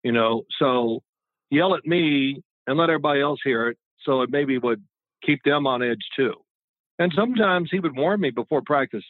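With lively intonation, medium pitch, and a normal pace, a man in his sixties who used to play quarterback tells rambling stories in a casual interview. He's chatty and restarts often; the sound is tinny and phone-like, dry, with no room sound.

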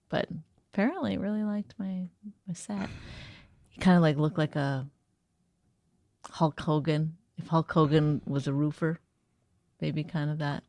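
A woman's voice: low-pitched, no echo. A middle-aged woman comedian bantering casually with dry, blunt teasing. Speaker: stand-up comedian and podcast co-host.

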